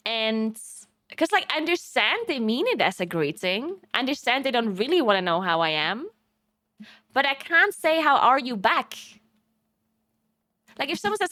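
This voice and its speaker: Lively young woman streamer from Italy. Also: high voice, normal speed, long pauses, no room sound, clean studio sound. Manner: animated storytelling, laughs often. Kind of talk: casual chat with viewers.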